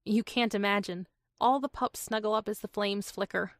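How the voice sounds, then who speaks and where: A woman's voice: medium pitch, steady tone, normal speed, no echo, clean studio sound, natural voice. Woman voicing a cheery, cooing dog lover. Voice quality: warm, cooing delivery. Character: cheery woman who runs a dog kennel. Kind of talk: audiobook character voice.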